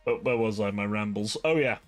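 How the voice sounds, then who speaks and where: A livestream host talks briskly in a lowish voice over soft background music. He chats with viewers casually in a profane, rambling rant, filling everything with "like."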